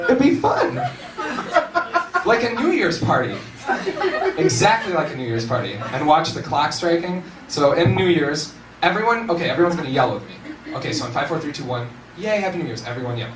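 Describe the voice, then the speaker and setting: A young man doing stand-up comedy in a large hall, animated and laughing often, with bursts of shouting. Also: fairly high pitch, brisk. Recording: roomy hall, distant mic, noisy.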